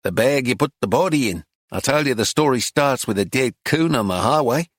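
A man's voice: mid-range voice, expressive, brisk, no room sound, clean studio sound, natural voice. A man voicing a boastful outback policeman with a thin, petulant voice, in an audiobook reading.

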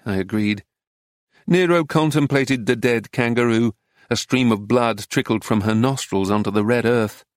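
A man narrating a memoir as an audiobook, telling it in a measured, even way. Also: medium pitch, no room sound, clean studio sound.

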